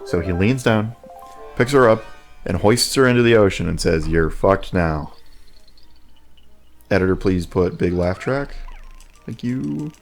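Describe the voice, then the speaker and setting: A man co-hosting a casual gaming video, chatting and telling a deadpan joke. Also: lowish voice, moderate pace, soft background music. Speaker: co-host.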